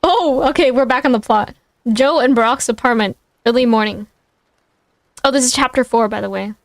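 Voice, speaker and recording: A woman's voice: fairly high pitch, normal speed, dry recording. A woman streamer reading fan fiction aloud on a desk mic, breaking off for amused, self-mocking asides.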